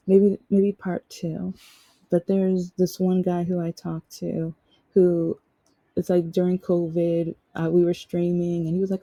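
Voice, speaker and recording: Woman, podcast host, casual storytelling, rambling, very dark voice, husky, dry close sound. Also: on the low side, no echo, low-quality recording. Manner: rambling, with frequent restarts and quoted dialogue.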